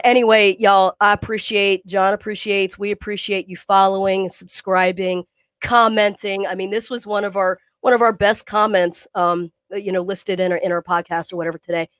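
A woman's voice: mid-range voice, no echo. A middle-aged woman co-hosting a fitness podcast over a video call, talking casually and earnestly with lots of fillers and restarts.

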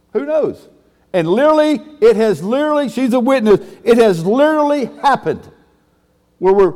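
A man's voice: high-pitched, mellow, long reverb tail. A man pastor preaching a sermon in a folksy, emphatic way, with sudden exclamations.

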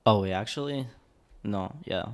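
A man's voice: lowish voice, moderate pace. Chill guy cohost, thoughtful, mostly short replies in casual chat. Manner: calm, reflective, short reactions. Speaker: podcast co-host.

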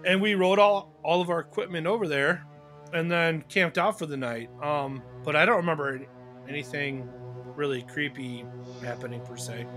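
A man's voice: fairly high pitch, moderate pace, fairly bright tone. Chatty man hosting with music underneath. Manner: chatty, rambling with fillers. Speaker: podcast host. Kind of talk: casual conversation.

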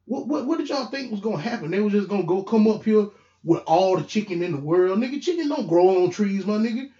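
Young guy podcast host ranting, AAVE, loud and heated, a bit higher voice, echoey lo-fi room. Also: quick pace. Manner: animated, profane, rising to near shouts when heated. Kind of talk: casual solo podcast rant.

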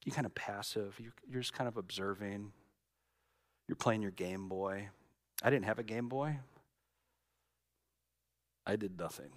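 A middle-aged man, a pastor preaching a sermon with dramatic storytelling, swinging from loud to hushed. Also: fairly low pitch, unhurried, long pauses.

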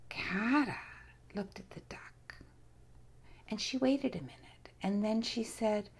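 A woman narrating a children's story, softly and often in a whisper. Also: mid-range voice, vocal fry, husky. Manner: soft, often whispered, slow and animated.

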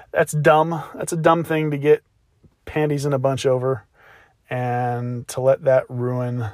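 This is a man in his thirties, worn out from sleepless nights, talking through his day in a plain, self-reflective way. He speaks slowly, at a middle pitch, as if thinking it over. The recording is dry and close, with no room sound. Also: darkish tone, dry recording. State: exhausted. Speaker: podcast host, new father of twins. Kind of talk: casual personal storytelling monologue.

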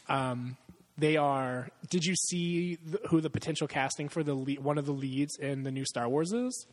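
A man's voice: on the high side, lively intonation, takes it slowly, long reverb tail. A man in a casual movie chat, rambling and swearing a lot, often breaking into laughter.

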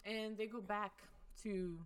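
A woman's voice: medium pitch, level tone, slow, smooth. A woman co-hosting a podcast in casual chat, profane and exasperated, mimicking characters as she recaps. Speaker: podcast co-host.

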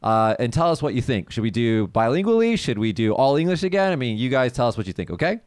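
Man hosting a casual podcast, smooth clear voice, dry close sound, lively and quick to jump in. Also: mid-range voice, no echo. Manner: lively, leads the talk with quick interjections. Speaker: podcast host. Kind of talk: casual bilingual podcast chat.

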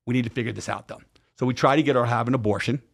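This podcast guest races through his story in a creaky, medium-pitched voice. It's casual and profane, and he animatedly acts out what each person said.

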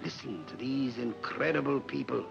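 A man's voice: medium pitch, moderate pace, vocal fry. A man playing an ominous, confiding narrator in an old film trailer, heard over music on a dull vintage soundtrack.

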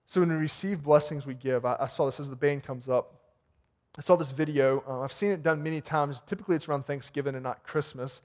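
Conversational preacher with a light, higher voice. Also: male voice, fast, darkish tone. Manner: conversational preaching with retold dialogue, repeats words. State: sweating. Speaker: pastor. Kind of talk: sermon with closing prayer. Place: warm church sanctuary.

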